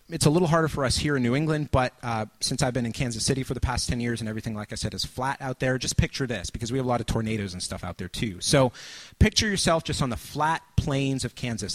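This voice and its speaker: Storytelling male preacher. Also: medium pitch. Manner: storytelling, acts out scenes with sudden shouts and hushed asides. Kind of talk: sermon.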